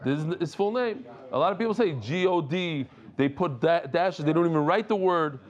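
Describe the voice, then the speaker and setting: A man teaching a lively Talmud class, rambling and animated, mixing in Yiddish and Hebrew terms. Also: fairly high pitch, normal speed, highs cut off. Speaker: Daf Yomi teacher.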